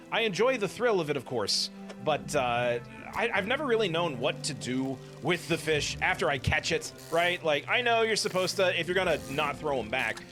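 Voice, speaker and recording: A man hosting a casual let's play, chatting playfully and meowing to himself while he fishes. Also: on the high side. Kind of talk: casual gameplay commentary.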